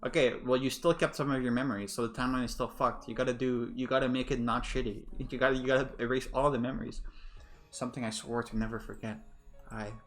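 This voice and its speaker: A man's voice: mid-range voice, flat delivery, fast talker, few pauses, faint music behind. Rambling, swearing streamer man. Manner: rambling, swearing, many fillers and restarts. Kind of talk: casual let's-play commentary.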